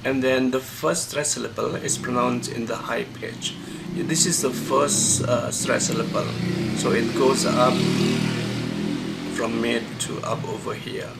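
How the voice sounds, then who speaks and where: Gravelly man teaching pronunciation. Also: medium pitch, steady tone, heavy background noise. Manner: halting, many fillers and restarts. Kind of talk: screen-recorded lecture.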